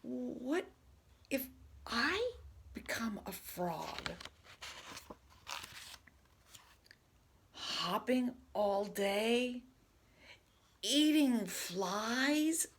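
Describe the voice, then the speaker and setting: Storybook role: woman doing a jittery elephant, loud, wide pitch swings, fretful. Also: very animated, takes it slowly, husky, heavily acted. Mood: alarmed. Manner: loud worried exclaiming. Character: anxious elephant, fretful and earnest.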